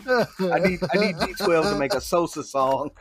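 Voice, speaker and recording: Slangy, blunt podcast co-host with a slightly raised voice. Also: male voice, a little high, normal speed, a crowd in the background. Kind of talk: casual chat.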